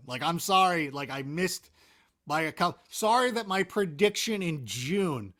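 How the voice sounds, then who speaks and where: A man chatting as a guest in a casual interview, with a fairly high voice that swoops up and down a lot. He rambles in an animated, self-mocking way, piling up "like" and restarts. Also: normal speed. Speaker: interview guest, NFL analyst.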